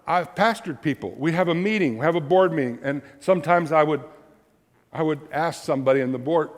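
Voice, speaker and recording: Pastor preaching in a reverberant church. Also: male voice, fairly high pitch, fairly quick. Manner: animated, repeats words for emphasis. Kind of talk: sermon. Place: church sanctuary.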